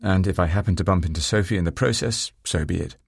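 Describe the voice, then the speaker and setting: A man narrating a first-person novel in a measured, dry and wry manner. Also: low voice, creaky, slightly rough, dry recording. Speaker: audiobook narrator.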